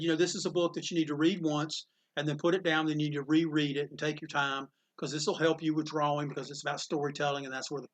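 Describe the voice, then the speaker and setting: Bright-voiced man telling shop stories. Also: on the high side. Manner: animated storyteller, acts out quotes, laughs often. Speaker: comic shop owner. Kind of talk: casual interview storytelling.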